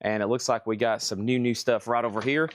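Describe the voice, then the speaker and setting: A man hosts a live-stream record auction, rattling off prices and bids with chatty asides. His voice sits at an ordinary middle pitch, and the sound is close and dry with no room echo. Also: steady tone. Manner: brisk running price calls, chatty asides. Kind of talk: live-stream sales patter.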